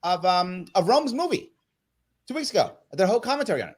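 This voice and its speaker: A man's voice: high-pitched, big pitch swings, fast talker. A man speaking as a guest in an interview, making his points in an emphatic, persuasive way. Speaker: political guest. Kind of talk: interview conversation.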